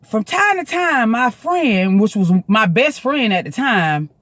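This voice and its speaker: A woman's voice: on the high side, a little slow, dry recording. Southern lady spinning a story, voice jumps all over, swears a lot, dry close sound. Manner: animated, profane, chatty, laughs often. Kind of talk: casual storytelling to the camera.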